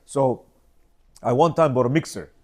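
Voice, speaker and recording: A man's voice: mid-range voice, normal speed, a little mellow. A middle-aged man telling a rambling personal story with many restarts and acted quotes, as host of a casual talk.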